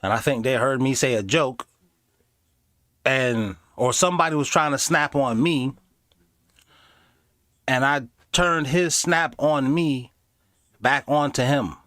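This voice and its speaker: A man doing casual live commentary on videos, animated and sarcastic, slipping into mocking voices. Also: mid-range voice, takes it slowly, long pauses, dry recording, clean studio sound. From inner city. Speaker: streamer reacting to videos.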